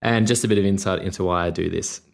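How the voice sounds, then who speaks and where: A man's voice: sits low, quick pace, creaky. A young Australian man with an Australian accent, talking casually and rambling through a solo podcast with many fillers. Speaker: podcast host and musician.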